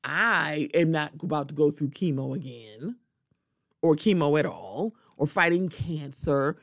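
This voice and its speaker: A sassy woman talks through a solo podcast in a lowish voice, her pitch jumping up when she acts out other people. She sounds close to the mic in a dry, dead room. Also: measured pace, dry recording. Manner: animated, sassy, slips into quoted voices. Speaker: podcast host. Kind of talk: casual solo commentary.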